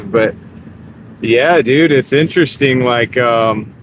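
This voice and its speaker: A man talking loosely to his viewers while he drives at night, on a clip-on mic. His voice is mid-pitched, and the steady hum of the car and the road carries clearly underneath it. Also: normal speed, long pauses. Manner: chatty, greets chat viewers by name. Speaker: streaming gig delivery driver. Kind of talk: casual live-stream chat while driving. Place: inside a moving car. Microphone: wireless clip-on mic. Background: car and road noise.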